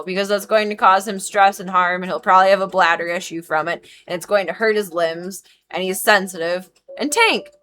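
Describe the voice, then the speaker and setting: A woman in her thirties chats on a live stream in a bright, sharp voice. She talks frankly and with emphasis, swearing freely as she explains her work as a dog groomer. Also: medium pitch. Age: 30s. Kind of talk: casual live-stream chat.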